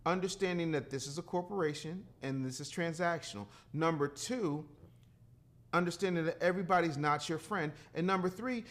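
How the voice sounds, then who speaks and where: High-voiced blunt man in his fifties. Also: fairly bright tone. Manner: emphatic, blunt and profane, preaching cadence. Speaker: podcast guest, entrepreneur. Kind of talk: casual podcast conversation.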